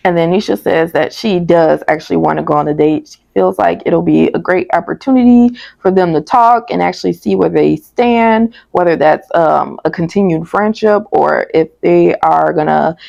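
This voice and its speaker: A woman's voice: lowish voice, normal speed, creaky, hardly any pauses, a little mellow, dry recording. A woman reviewing a TV episode in casual, candid commentary, chatty and prone to tangents, on a dull lo-fi recording. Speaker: TV show reviewer.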